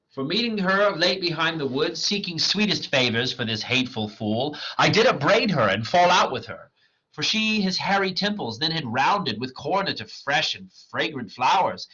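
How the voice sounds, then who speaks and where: A man's voice: a little high, pushed and bright, husky, pitched above the performer's own voice, heavily acted. A man reading the part of a proud male fairy king, in a stately recital. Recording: lo-fi dull recording.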